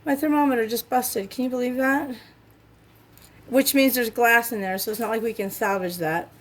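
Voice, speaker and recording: A woman's voice: on the high side, fairly even intonation, moderate pace. A woman chatting casually in her home kitchen while cooking, thinking aloud and getting easily exasperated. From Utah. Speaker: cooking vlogger.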